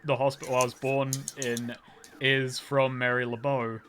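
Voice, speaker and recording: Bright-voiced London estuary man. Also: mid-range voice, flat delivery, moderate pace, a little hiss or hum. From North London. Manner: rambling, swearing, laughing asides. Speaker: streamer, guest player. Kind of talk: casual gaming stream chat.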